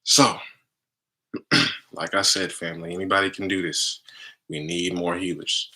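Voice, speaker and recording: A man's voice: deep voice, fairly even intonation, unhurried, bright, forceful tone. A man talking casually about energy healing, tagging almost every phrase with "right?". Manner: chatty, tags nearly every phrase with "right?". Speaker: spiritual healer and content creator. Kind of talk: casual promotional monologue.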